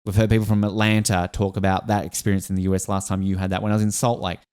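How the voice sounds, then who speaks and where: An Australian man hosting a podcast, talking quickly and eagerly. He gets emotional and stumbles through restarts as he chats in a casual way. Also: low voice, flat delivery, a little mellow, clean tone. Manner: enthusiastic, emotional, many restarts. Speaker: podcast host.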